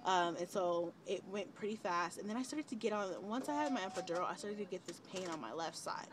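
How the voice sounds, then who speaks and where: A woman's voice: mid-range voice, brisk, slight background noise. Chatty young woman telling a story. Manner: chatty, relaxed retelling with many fillers and quoted dialogue. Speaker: vlogger, mother of twins. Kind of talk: casual storytelling.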